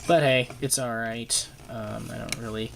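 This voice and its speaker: A young man talks through a toy review at his desk in a middle-pitched, offhand voice. He rambles and stalls often, filling the gaps with ums and uhs. The camera microphone catches a noisy home recording with steady hiss and clicks behind him. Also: unhurried, gravelly. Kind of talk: casual hands-on toy review.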